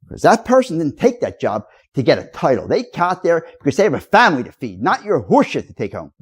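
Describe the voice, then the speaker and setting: A man's voice: on the high side, huge pitch swings, fast talker, husky. A man ranting straight to his viewers in a rambling, accusatory, lecturing way. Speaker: video blogger. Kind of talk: rambling direct-to-camera rant.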